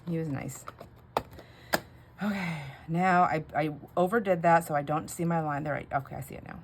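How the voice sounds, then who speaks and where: This chatty crafting vlog features a middle-aged woman making labels at home, rambling, laughing frequently and musing aloud. Her low voice moves at a moderate pace, and steady background noise runs under the home recording.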